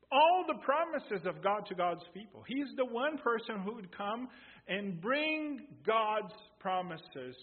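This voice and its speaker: A man's voice: on the high side, slightly rough. A man preaching a sermon, explaining emphatically and repeating key points. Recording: tinny phone-like sound in a reverberant hall.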